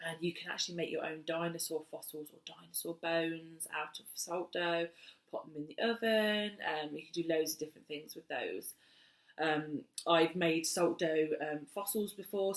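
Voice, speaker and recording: A woman, casually explaining play and speech tips to parents with plenty of fillers. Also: low voice. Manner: chatty, many "um"s, sing-song when addressing children. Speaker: early years teacher. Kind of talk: casual teaching talk to parents. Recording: echoey room.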